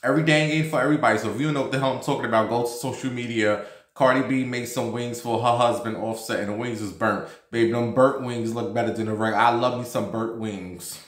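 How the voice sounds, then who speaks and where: A man in his thirties who hosts a vlog talks fast in a steady, medium-pitched voice, and the room is reverberant. His casual, gossipy storytelling is loose and profane, with many filler words.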